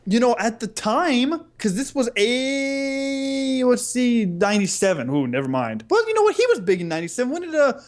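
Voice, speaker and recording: An excitable man co-hosting a casual podcast about movies. His voice jumps around a lot in pitch and he laughs often as he talks. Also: normal speed, hardly any pauses. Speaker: podcast co-host. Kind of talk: casual movie-review chat.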